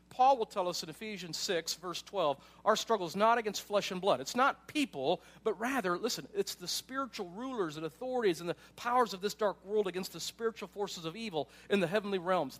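High-voiced man preaching conversationally. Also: a bit bright. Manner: conversational preaching with frequent asides and "right?". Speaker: pastor. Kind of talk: sermon.

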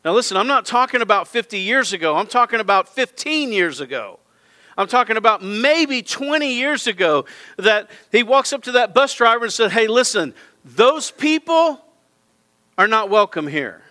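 A man's voice: very high-pitched, lively intonation, moderate pace, pushed and bright. A middle-aged male pastor preaching a sermon in a church auditorium, with impassioned, repetitive appeals straight to his congregation.

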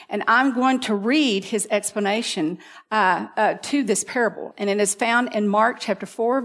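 A woman delivers a sermon at a middle pitch. She reads scripture aloud and retells the story in an earnest, storytelling way. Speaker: preacher.

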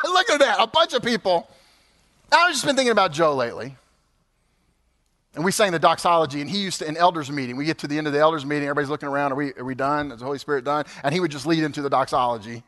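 A man in his fifties, a pastor preaching a sermon, animated and building to emphatic peaks. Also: a little high. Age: 50s. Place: church sanctuary.

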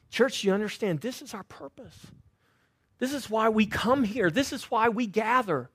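A man preaching a sermon as pastor in a church, telling stories animatedly and swinging from loud to hushed. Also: sits high, moderate pace, husky, no room sound. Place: church sanctuary.

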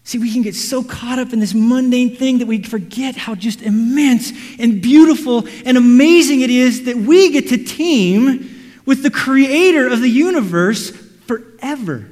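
Animated male pastor in a reverberant hall. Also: very high-pitched, measured pace. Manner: animated, acts out quotes and everyday scenes. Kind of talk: sermon.

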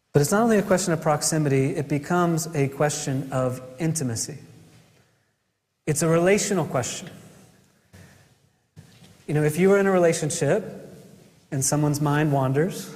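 A man preaching a sermon as a pastor, earnest, asking rhetorical questions and pausing for effect. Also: on the high side, a little mellow, in a large hall.

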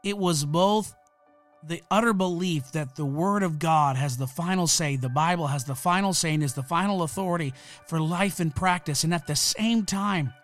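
A man's voice: fairly high pitch, moderate pace, faint music behind. A man hosting a podcast, delivering a fired-up, emphatic, preacherly monologue into a close mic. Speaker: podcast host.

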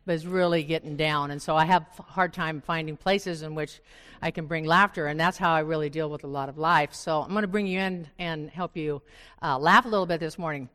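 An older woman speaks to a gathered group of women, telling a self-mocking story with animated asides. Her voice sits low for a woman. The sound carries a long reverb from the church hall. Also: fairly quick. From Oregon. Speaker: women's Bible study speaker. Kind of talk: storytelling talk to a live group. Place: church meeting room.

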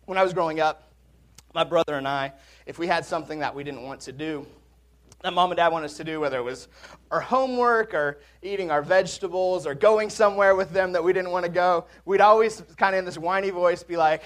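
A man's voice: on the high side, a little fast. A man preaching a conversational sermon in a church, with jokes and asides to the congregation. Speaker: pastor. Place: church sanctuary.

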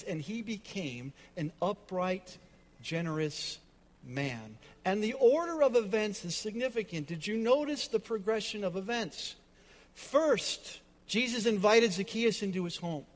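Male pastor, sermon, dramatic emphasis, high voice, reverberant church hall. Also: animated, a little slow.

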